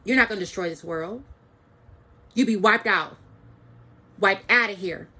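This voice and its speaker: A woman's voice: mid-range voice, measured pace, bright, forceful tone. Angry ranting woman vlogger. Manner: heated, profane, repeats phrases for emphasis.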